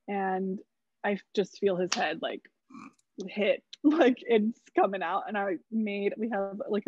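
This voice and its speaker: A woman's voice: mid-range voice, darkish tone, dry recording. Chatty young woman, dry dull sound. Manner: chatty, lots of "like", casual swearing. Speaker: guest telling her birth story. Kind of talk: casual podcast conversation. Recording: slightly dull, dry recording.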